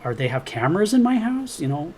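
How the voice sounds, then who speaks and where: A man's voice: high-pitched, very animated, fast talker, a little mellow, a little hiss or hum. A man in his fifties telling his story as a guest in a casual interview, acting out quoted dialogue and laughing often. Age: 50s. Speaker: guest, experiencer.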